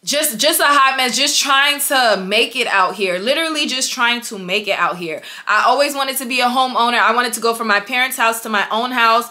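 Bright emphatic woman vlogger. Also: fairly high pitch, moderate pace, hardly any pauses. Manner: emphatic, repeats herself, addresses viewers as y'all. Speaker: vlogger, business owner. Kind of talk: motivational vlog talk.

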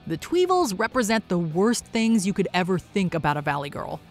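A woman's voice: fairly low pitch, big pitch swings, a little fast, faint music behind. A woman hosting a countdown in upbeat, playful scripted narration. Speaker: countdown host.

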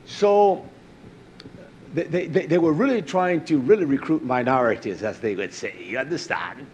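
Older guy telling his own story, acts out the other voices, mid-pitched, faint hiss behind. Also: moderate pace, dull audio. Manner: animated, acts out quoted dialogue, repeats words. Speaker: speaker giving a testimony. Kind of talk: personal storytelling.

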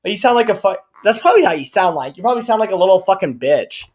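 A man's voice: high-pitched, big pitch swings, rapid-fire, a little mellow. Man in a sarcastic, cursing rant. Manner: cursing, sarcastic, rambling with restarts. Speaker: YouTuber. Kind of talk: profane angry rant vlog.

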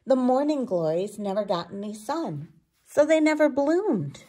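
A woman's voice: fairly high pitch, very animated, a little slow, mellow, breathy edge, voice pushed up, heavily acted. A woman voicing fussy, accusing storybook astronomers. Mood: indignant. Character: fussy, suspicious group of astronomers.

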